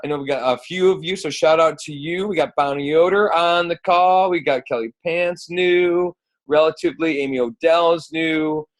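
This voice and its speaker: A man's voice: a little high, moderate pace. A man hosting a team coaching call, playful and geeky, joking around with many fillers. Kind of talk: casual chat.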